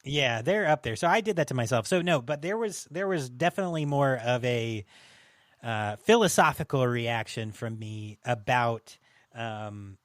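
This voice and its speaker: Lively young man hosting a podcast. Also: medium pitch, normal speed, no room sound, studio quality. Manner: animated, laughing often, swearing, loose. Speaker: podcast host. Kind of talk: casual podcast chat.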